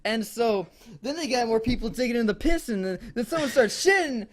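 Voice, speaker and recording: A young man with a very high-pitched voice co-hosts a casual podcast, talking a little fast. He rambles, laughs, and swears freely throughout the chat.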